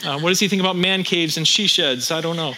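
A man's voice: a little high, fast talker, sharp tone, slight background noise, rough recording. A pastor in his thirties preaching a sermon, mixing wry jokes with strings of rhetorical questions.

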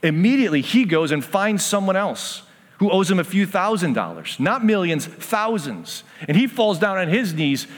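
A man preaching with earnest conviction, slipping into the voices of the people in his story. His voice sits a touch high for a man. A long hall reverb trails after his words. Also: big pitch swings, moderate pace. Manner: earnest, acts out the parable's voices. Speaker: pastor. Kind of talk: sermon.

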